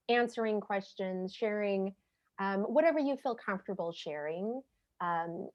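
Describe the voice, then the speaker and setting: An American woman hosting an interactive online leadership webinar, friendly and chatty with many ums. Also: medium pitch. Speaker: webinar host and leadership trainer. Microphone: video call.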